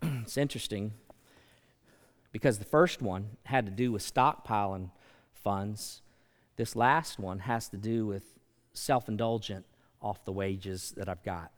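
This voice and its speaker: A man preaching a sermon as pastor, building to loud emphatic peaks and acting out quoted voices. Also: on the low side, measured pace, pauses often. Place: large church sanctuary. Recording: long church hall reverb.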